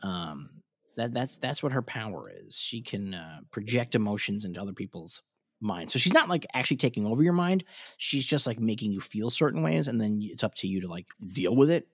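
A man rambling through a cartoon recap with his co-host, full of ums and false starts. His pitch rises and falls in a lively way as he talks. The sound is close and dry, with no room around it. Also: a little fast, breathy edge, no echo. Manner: rambling, lots of ums and restarts, swears casually. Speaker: podcast co-host. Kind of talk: casual chat recapping a cartoon episode.

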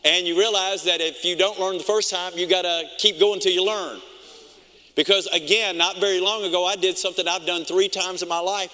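Middle-aged male pastor, high bright voice, lively storyteller, long reverb of a church hall. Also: brisk. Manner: animated storytelling, acts out his own reactions. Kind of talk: sermon.

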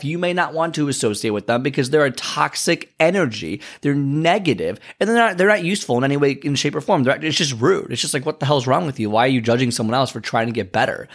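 A man hosting a fitness podcast, giving a casual motivational talk full of fillers and restarts. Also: medium pitch. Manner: conversational, many fillers and restarts.

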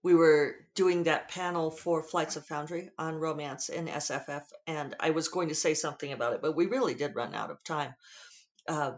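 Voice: mid-range voice, normal speed. An author hosting a podcast, speaking in a Western US drawl, candid and digressive, swearing freely. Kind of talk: casual podcast talk.

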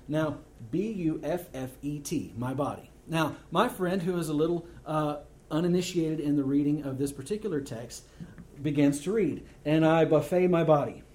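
A man preaching a sermon, reading scripture aloud and weaving in lively stories. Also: on the high side.

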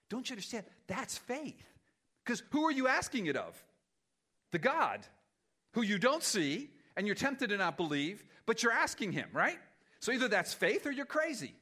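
Male pastor, sermon, conversational, self-deprecating, fairly high voice, bright tone. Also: sing-song, moderate pace.

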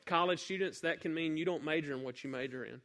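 A man from northeast Mississippi with a Southern accent, preaching a sermon and telling a folksy story with sudden loud bursts. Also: a little high, fast.

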